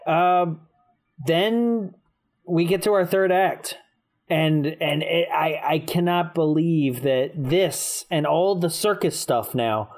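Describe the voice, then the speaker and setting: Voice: medium pitch, takes it slowly, a little mellow. A podcast co-host recapping a film in casual comedic chat, laughing often and restarting sentences.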